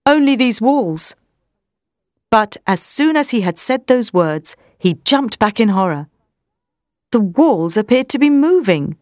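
Woman narrator, storybook read-aloud, lively, expressive pitch, dry close sound. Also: a little slow, no echo. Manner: clear, expressive reading.

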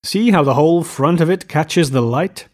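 A man's voice: on the high side, normal speed, lightly acted. A showy, eager rich young man, as a male audiobook reader puts him on, boasting about his house and calling everyone "old sport". He sounds eager to please and a little anxious under the brag. Audiobook storytelling.

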